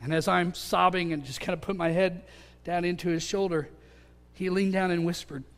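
A man preaching, telling an earnest personal testimony that swings between loud calls and hushed moments. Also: sits high, fairly even intonation, moderate pace. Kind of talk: sermon testimony. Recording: long hall reverb.

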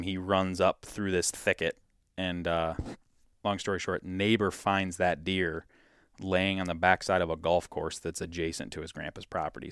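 A man from Michigan telling a hunting story in a casual, animated way, acting out what people said. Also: low voice, smooth, no room sound, studio quality. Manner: animated, acts out quotes in his story. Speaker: podcast guest, hunter.

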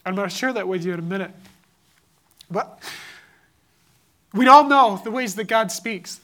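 A man's voice: high voice, normal speed, sharp tone. A man giving an earnest, impassioned sermon-style testimony, telling a personal story about his son. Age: adult father.

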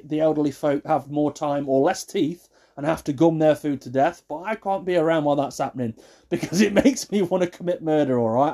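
A man vents his pet peeves in a comic rant. His voice is fairly high yet mellow and relaxed in tone. He lurches from hushed, muttered asides to loud exasperated bursts. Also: fairly quick. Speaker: vlogger.

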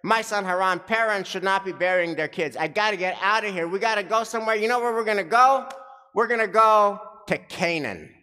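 A man's voice: high-pitched, brisk, sharp tone, in a large hall. A man voicing a grief-stricken elderly father in a plain, weary, urgent way, acted out within a sermon. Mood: weary, anguished.

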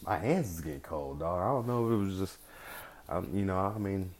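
A man from California with a low, darkish voice hosts a solo podcast, talking animatedly and fairly quickly. He rambles casually, using loose slang and swearing frequently.

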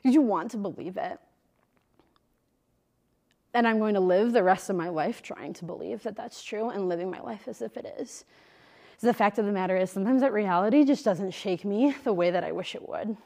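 A woman's voice: medium pitch, moderate pace, creaky, warm tone. A young woman missionary giving a conversational, emphatic faith talk, speaking straight to a live group.

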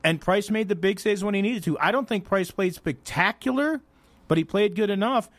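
A man's voice: high-pitched, normal speed, fairly bright tone, no room sound. A man co-hosting a sports radio show, talking hockey in casual, teasing banter. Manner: teasing, conversational. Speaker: radio sports talk co-host.

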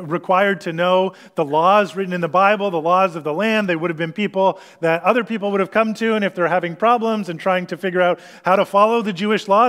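A pastor preaching a sermon, explaining scripture in an earnest, teaching way with pauses and restarts. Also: male voice, high-pitched, a bit bright.

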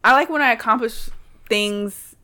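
A woman in casual conversation, telling stories in a lively, chatty way and acting out the voices of the people she quotes. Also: on the high side, moderate pace. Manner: chatty, animated storytelling with quoted dialogue. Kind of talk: casual chat.

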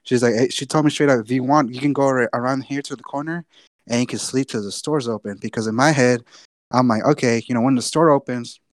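A man's voice: mid-range voice, fast, no room sound. Young guy, podcast co-host, rambling storyteller, dry close sound. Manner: loose, profane, repeats himself. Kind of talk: casual storytelling.

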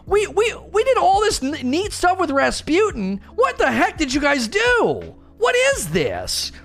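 A man putting on the voice of an exasperated game developer, ranting at his colleagues in a high, indignant tone. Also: full character voice. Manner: high-pitched indignant ranting, rising shouts.

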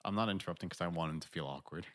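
Low-voiced man with dry humor. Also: racing, fairly bright tone. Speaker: podcast co-host. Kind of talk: casual chat.

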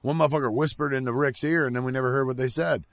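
A middle-aged man co-hosting a podcast, riffing in crude comic banter, profane and loud, slipping into mocking voices. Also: medium pitch, fairly even intonation, rapid-fire, no room sound, studio quality. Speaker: podcast co-host.

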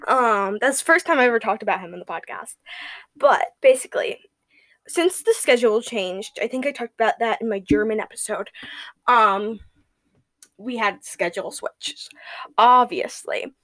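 A woman's voice: a little high, expressive, moderate pace, fairly bright tone. A teenage girl hosting a solo podcast, chatting casually and gushing, often laughing at her own jokes. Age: teens. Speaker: podcast host.

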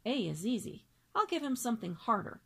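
A woman reading aloud and voicing a stern, brisk female first-grade teacher who talks in emphatic, commanding exclamations. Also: fairly high pitch, sing-song, vocal fry, a bit bright, slightly rough, heavily acted. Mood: testing. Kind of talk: storybook read-aloud.

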